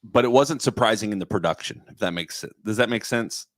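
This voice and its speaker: A man's voice: lowish voice, a little fast, dry recording. A man co-hosting a basketball podcast, talking conversationally and asking questions of his co-hosts. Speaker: podcast co-host. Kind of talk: casual basketball chat.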